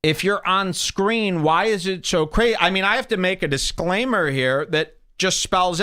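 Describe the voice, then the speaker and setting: Man, podcast host, fired-up rant, scornful, slightly high voice. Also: moderate pace, hardly any pauses, bright, forceful tone, smooth. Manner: heated, emphatic, scornful. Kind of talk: ranting commentary on clips.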